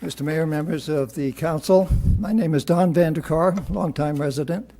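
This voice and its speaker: A man giving formal, measured public comment to a city council. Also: on the high side, dark tone. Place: council chamber.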